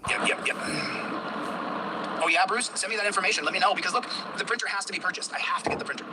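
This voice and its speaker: Fast-talking man streaming from a car. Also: high-pitched. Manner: rambling, stammering restarts. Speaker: livestreamer. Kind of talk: rambling livestream while driving. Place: inside a moving car. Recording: loud road noise from a car. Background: car engine and road noise.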